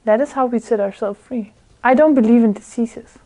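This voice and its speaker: A woman's voice: on the high side, a little fast, warm tone. A woman giving an informal spiritual talk to a small group indoors. She sounds earnest, searches for her words, and often laughs. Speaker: spiritual speaker.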